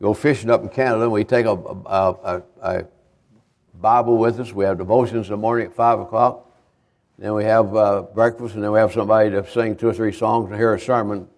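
An older man, a visiting evangelist giving a homespun sermon testimony, halting and repeating himself as he tells his stories. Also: lowish voice, fairly even intonation, darkish tone. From Kentucky, USA. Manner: halting, repetitive, homespun storytelling.

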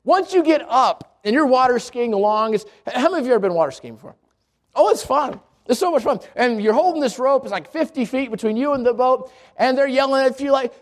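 A young man preaching a sermon, telling stories with lively acted-out asides to his congregation. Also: extremely high pitch, brisk. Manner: animated storytelling with acted-out asides.

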